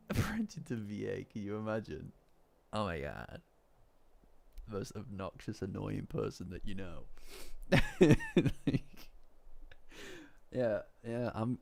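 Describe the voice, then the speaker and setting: A man's voice: on the low side, gravelly, darkish tone. A young man chatting casually on a live stream in a rambling, self-deprecating way.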